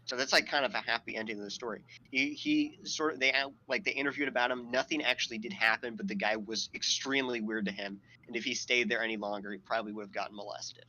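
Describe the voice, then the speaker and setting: Bright-voiced man rambling through a story. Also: mid-range voice, steady tone, fast talker, hardly any pauses, lo-fi sound. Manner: rambling and profane, full of fillers; laughs at his own storytelling. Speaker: podcast host. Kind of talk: casual podcast chat.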